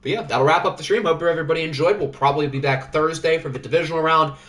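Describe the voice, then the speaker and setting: Male streamer, slightly high voice, loose joking commentary on league results. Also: rapid-fire, fairly bright tone. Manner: chatty, joking, thinks aloud. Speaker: livestream host. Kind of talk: casual sports sim commentary.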